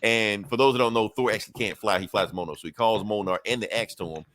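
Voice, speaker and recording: A man co-hosting a podcast, casually recapping a comic with animated, profane retellings. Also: lowish voice, quick pace. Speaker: podcast co-host.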